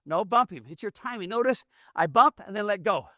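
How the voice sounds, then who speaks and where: A high-voiced man talks a little fast and animatedly, with a sharp tone, as he works through a hands-on mule training demo outside. He's folksy and plainspoken, explaining in drawling rural grammar. The recording is dry and studio clean.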